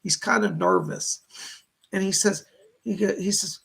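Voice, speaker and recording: A man's voice: sits high, a little slow, gravelly, a bit bright, husky. A man hosting live-streamed psychic readings, relaying messages from spirits and thanking viewers for their donations. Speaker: psychic medium host.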